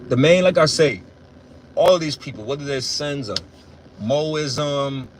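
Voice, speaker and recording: A man delivers a casual, preachy monologue from inside a car, blunt and full of profanity. His voice sits a little higher than most men's, and he punches his key points with loud bursts. A faint hum of the vehicle runs underneath. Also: unhurried. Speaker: religious commentator.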